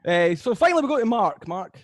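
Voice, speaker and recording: High, lively-voiced teasing male host. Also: fast, no room sound. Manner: teasing, cheeky, laughs at his own jokes. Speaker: game show host. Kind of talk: bantering comedy game show hosting.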